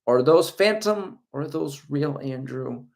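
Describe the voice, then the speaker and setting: A man's voice: a little high, animated, a little slow, vocal fry, darkish tone. A middle-aged man hosting a running livestream, reading viewer comments aloud in a chatty, joking way and laughing often. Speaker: running channel host.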